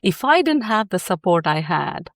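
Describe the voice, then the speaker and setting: A woman's voice: medium pitch, sing-song, moderate pace, dry recording, clean studio sound. Laughing woman telling a personal story. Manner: warm storytelling, often laughing. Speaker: guest psychotherapist. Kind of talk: candid podcast conversation.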